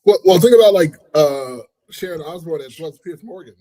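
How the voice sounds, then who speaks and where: A man co-hosting a casual gossip chat, drawling and laughing loudly. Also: on the high side, lively intonation, moderate pace, no echo, poor audio. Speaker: co-host.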